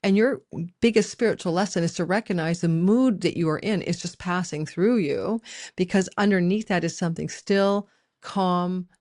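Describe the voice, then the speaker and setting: A woman's voice: fairly low pitch, normal speed, a little mellow, dry recording, studio quality. A middle-aged woman giving a spoken astrology lesson, talking straight to her viewers with casual asides. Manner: conversational, addresses viewers directly with asides. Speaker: astrology teacher.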